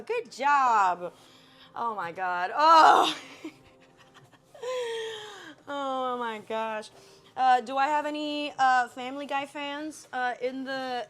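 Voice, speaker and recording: Woman, high voice, slow unhurried delivery, casual live-stream chat, flustered, swears, calms herself down.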